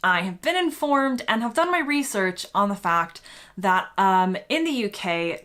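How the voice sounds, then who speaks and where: A woman's voice: mid-range voice, fairly bright tone. An American woman from the United States, a YouTuber explaining to camera in a chatty, self-deprecating way.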